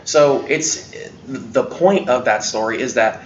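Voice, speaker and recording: A man's voice: mid-range voice, takes it slowly. A man hosting a casual talk, thoughtful and explaining his points with frequent fillers. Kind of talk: casual conversation. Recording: echoey distant lo-fi sound.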